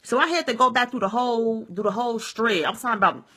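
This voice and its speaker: Bright-voiced woman ranting on a home vlog. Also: a little high, quick pace, slightly rough. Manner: rambling and repetitive, keeps saying "you see what I'm saying", swears freely. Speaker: vlogger. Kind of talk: casual vlog rant. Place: at home at day's end, sage and candles burning.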